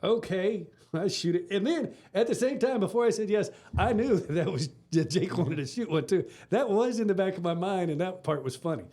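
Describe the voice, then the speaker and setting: Man, rambling storyteller, laughs a lot, slightly higher voice; casual podcast co-host. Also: lively intonation, a little fast, hardly any pauses, dark tone. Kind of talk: casual chat.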